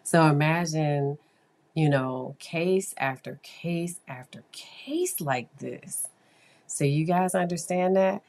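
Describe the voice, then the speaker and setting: Speaking slowly in an unusually deep, low-pitched voice, a woman who works as a therapist relates a story in a relaxed monologue. Her tone is animated and confiding, with frequent asides to her listeners.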